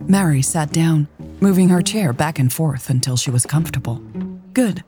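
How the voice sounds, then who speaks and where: Woman narrator, low voice, mellow tone, calm storytelling, faint music underneath. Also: moderate pace. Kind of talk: scripted audiobook narration.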